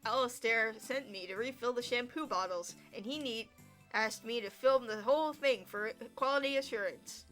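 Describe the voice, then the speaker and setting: A woman voicing a guarded, earnest young woman knight in a story game, speaking in a quiet, brooding inner monologue. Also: on the high side, moderate pace, faint music behind, close to an everyday voice. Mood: outraged. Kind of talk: reading a story game aloud.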